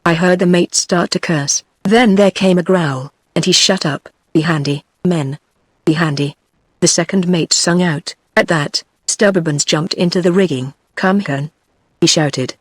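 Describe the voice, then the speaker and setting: A text-to-speech voice of a woman with a British English accent, reading a novel aloud in the same even delivery for narration and dialogue. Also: lowish voice, normal speed, few pauses, no echo, studio quality. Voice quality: even synthetic delivery, quoted lines read in the same voice.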